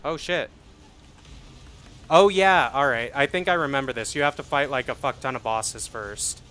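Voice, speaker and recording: A young man casually explaining his game build on a livestream, swearing and getting excited once the fights start. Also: medium pitch, fairly quick, smooth. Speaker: streamer. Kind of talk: casual gameplay commentary.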